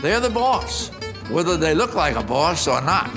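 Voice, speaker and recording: An older man with a high, bright voice gives a storytelling talk about customer service. He swoops all over his range as he acts out each exchange, and faint music runs underneath. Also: moderate pace. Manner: animated storyteller, acts out dialogue with shifting voices.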